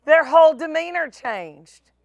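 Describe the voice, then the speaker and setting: A middle-aged woman pastor preaching a sermon, with emphatic, drawn-out phrases and voices for the people in her stories. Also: high-pitched, animated, gravelly, no echo, muffled recording.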